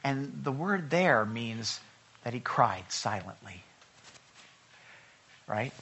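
Bright, animated male preacher. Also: mid-range voice, slow pace, slight background noise. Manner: conversational, swings from loud urging to hushed reading. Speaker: pastor. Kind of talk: sermon.

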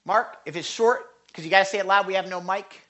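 A middle-aged man delivers an impassioned sermon in a bright, clear voice. His pleas climb high and urgent, then fall to a near hush. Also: fairly quick, lo-fi sound. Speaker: pastor. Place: church without a microphone.

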